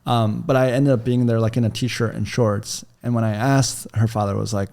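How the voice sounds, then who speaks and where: Chatty man with a gravelly voice. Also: medium pitch, steady tone, brisk, few pauses, darkish tone. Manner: chatty, many "like" fillers. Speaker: podcast guest. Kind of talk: casual storytelling. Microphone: studio mic.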